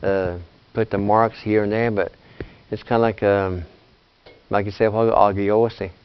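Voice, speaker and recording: An older man with a low, smooth voice teaches in a patient, plain-spoken way. The recording sounds dull and lo-fi. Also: level tone, unhurried. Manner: patient, plain-spoken, often ends with "you see". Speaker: Cherokee language teacher. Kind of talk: casual language lesson.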